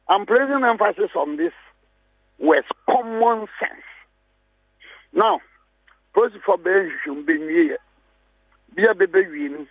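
Husky Ghanaian man making emphatic points. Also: on the high side, dry recording. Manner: emphatic, repeats key phrases. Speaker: political guest. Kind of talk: heated radio panel talk. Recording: muffled dry studio sound.

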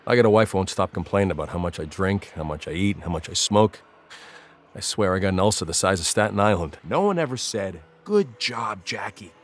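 An actor playing a foul-mouthed, hard-drinking middle-aged noir cop, gruff and swaggering in game voice lines. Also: male voice, low voice, animated, a little fast. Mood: grumbling, bitter. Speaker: game character.

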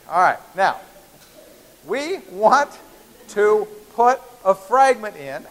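A man's voice: high-pitched, fairly bright tone. Playful male lecturer in a hall. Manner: playful, chatty, checks in with frequent "okay?". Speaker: university biochemistry lecturer. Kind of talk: live classroom lecture. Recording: hissy lecture-hall recording with long reverb.

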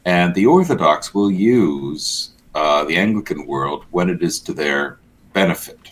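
Lively low-voiced man, blunt and sardonic. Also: a little slow, a crowd in the background. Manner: blunt, sardonic, animated commentary. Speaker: co-host and church commentator. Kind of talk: casual news banter.

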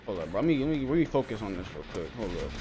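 Excitable young man narrating gameplay. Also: lowish voice, very fast, over loud music. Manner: excitable, swears and says "bro" a lot. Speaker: gameplay streamer. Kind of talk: live gameplay commentary.

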